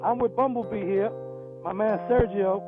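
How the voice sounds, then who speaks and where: At normal speed and in a steady, high-pitched voice, a man from New York City chats while riding his motorcycle outdoors on town roads. Vlogging, he's animated and joking, with lots of swearing. The recording sounds tinny and phone-like, with loud music.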